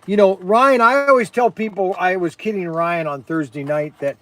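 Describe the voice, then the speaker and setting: An energetic man hosts a casual livestream about his shop's products. His voice sits high, and he rambles with frequent fillers and self-corrections. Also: moderate pace. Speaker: host and shop owner.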